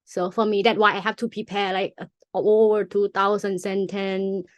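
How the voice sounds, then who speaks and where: A woman's voice: medium pitch, flat delivery, moderate pace, no echo. A young woman with a Thai accent, a native Thai speaker, patiently explaining her language as a teacher and sounding out examples. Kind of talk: casual explanatory chat.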